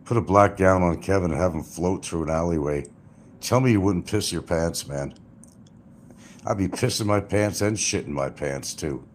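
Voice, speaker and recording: A man's voice: low voice, moderate pace, a little hiss or hum. An older man hosting a livestream, rambling and mocking with crude, casual talk. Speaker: livestream host.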